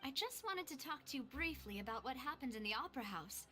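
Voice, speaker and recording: A woman's voice: high voice, expressive, fast talker, bright, forceful tone, soft background music. An actress voicing a confident young woman investigating a case in a video game, earnest and determined.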